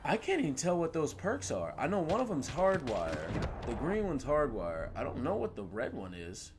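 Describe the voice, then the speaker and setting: A young man rambling through a gameplay commentary, animated and slangy, laughing as he tells stories and sounding a bit sniffly. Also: a little high, normal speed, background noise. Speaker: gaming video host. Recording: gunfire and clicks under voice. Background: in-game gunfire.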